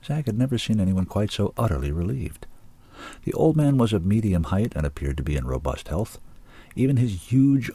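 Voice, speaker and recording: Male audiobook narrator, deep and dark, dry close sound, measured. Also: dry recording.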